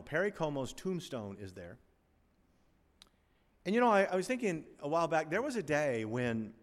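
A man, an older pastor, preaching a sermon, animated, swinging between loud emphasis and quiet asides. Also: a little high. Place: church sanctuary. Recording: long reverb of a large hall.

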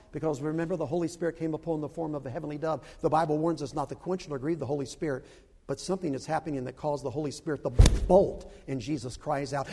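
An older man preaching a dramatic sermon who breaks into loud, shouted quotations. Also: fairly high pitch, fairly even intonation, fast talker, slightly rough, long reverb tail.

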